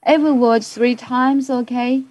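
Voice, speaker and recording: A woman with a Mandarin Chinese accent teaching an English vocabulary class online, speaking slowly and repeating each word. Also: high-pitched, fairly even intonation, darkish tone, no room sound. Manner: slow, repeats words, mixes in Mandarin explanations. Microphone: video call.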